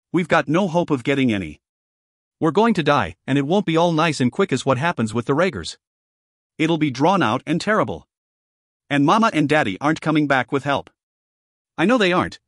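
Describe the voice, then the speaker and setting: A man narrating a first-person fantasy audiobook with expressive storytelling. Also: fairly high pitch, dry recording, studio quality.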